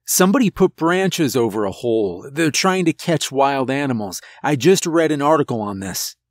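A man's voice: medium pitch, lively intonation, normal speed, dry recording, close to an everyday voice. A man voicing a commanding boy who takes charge of his friends, giving urgent orders. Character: bossy, take-charge boy, group leader.

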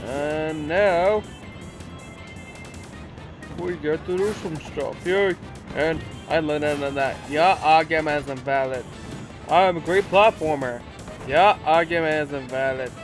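A teenage boy casually commenting on his video game play, goofy and excitable, swearing and breaking into silly shouts. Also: fairly high pitch, slow, pauses often. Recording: loud game music under voice. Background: video game music.

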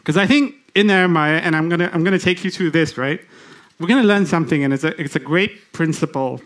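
A man delivering a church sermon in a slightly high voice. He talks to the congregation with questions and halting restarts. He reads scripture aloud slowly. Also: a bit bright. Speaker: lay preacher.

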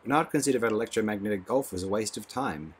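Low, husky male audiobook narrator. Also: quick pace.

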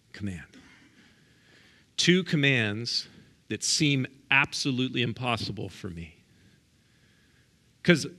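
In a church sanctuary, a middle-aged guest pastor with a sharp, high-leaning voice preaches a sermon. He is emphatic, repeating key words for stress and putting direct questions to the congregation.

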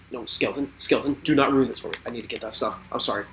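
A man giving excitable let's play commentary while gaming, swearing and talking to the creatures in the game. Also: mid-range voice, fairly quick, long pauses. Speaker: gamer. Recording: roomy echo with faint music.

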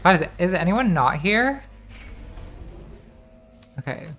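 A woman's voice: on the low side, sing-song, slow pace. A woman streamer giving casual, rambling commentary while playing a game, distracted and swearing as she talks to herself.

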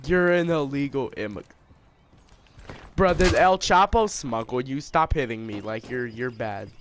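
A man's voice: medium pitch, expressive, measured pace, slight background noise. A man trash-talking an opponent over online game chat, mocking and insulting. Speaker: online gamer.

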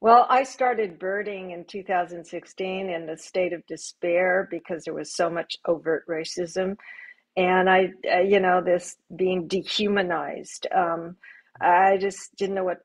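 An older woman speaking as a guest on a live panel, telling stories in a gentle, reflective, unhurried way. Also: fairly low pitch, steady tone, low-quality recording.

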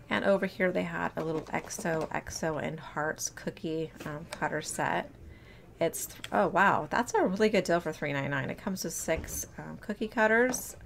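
A woman's voice: low-pitched, gravelly, a little hiss or hum. A young woman narrating a casual shop-with-me vlog as she walks through a store. She talks chattily and gushes over cute items, with plenty of ums, into a handheld phone. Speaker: shopping vlogger. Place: indoor retail store.

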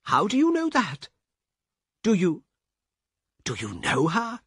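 An actor voicing a frightened traveller in a storybook reading, speaking in a raised, shaken, stammering voice. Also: male voice, very high-pitched, wildly swooping pitch, takes it slowly, fairly bright tone, husky, dry recording, studio quality, voice pushed up, full character voice. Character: nervous, frightened middle-aged male traveller.

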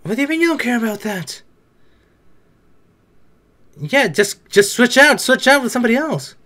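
Excitable higher-voiced man reacting to anime. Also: moderate pace. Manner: excitable, swearing, blurts reactions. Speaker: anime reaction video creator. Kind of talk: casual anime reaction commentary.

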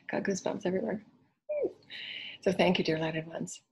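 A woman spiritual teacher giving an inspirational talk, speaking in earnest, flowing phrases and soft repeated affirmations. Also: fairly low pitch, steady tone, moderate pace, creaky, a little hiss or hum. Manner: earnest, flowing, at times whispered.

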